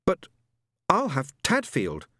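A man voicing an earnest, stubborn young boy in a storybook reading, raised in pitch. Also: huge pitch swings, slow pace, dry recording, clean studio sound, full character voice. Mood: wistful. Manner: earnest, rising to pleading shouts.

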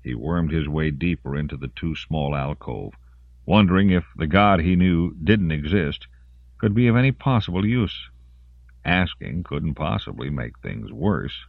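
Deep-voiced man narrating an audiobook. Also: animated, a little slow, vocal fry, no room sound, phone-quality sound. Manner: dramatic storytelling reading. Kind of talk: scripted narration.

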